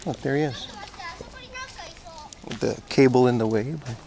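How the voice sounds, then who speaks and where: A man's voice: medium pitch, fairly even intonation, normal speed, vocal fry, mellow, a little hiss or hum. A man from Aruba joking and swearing as he chats to viewers on a casual outdoor livestream. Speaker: streamer. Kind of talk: casual IRL livestream chat. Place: outdoors at a zoo park.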